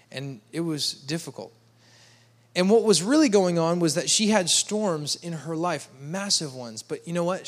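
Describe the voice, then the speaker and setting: A man preaching a sermon to a congregation in an earnest, pleading manner, raising his voice to act out quoted speech. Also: a little high. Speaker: pastor.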